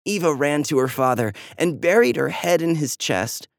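A storyteller reading a children's story aloud with animated, lively delivery. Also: medium pitch, normal speed, gravelly, no echo, studio quality.

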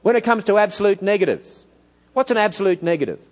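Australian preacher in a reverberant hall. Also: male voice, high voice, fast, highs cut off. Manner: lively, rhetorical questions, acts out voices. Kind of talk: church lecture. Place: church hall.

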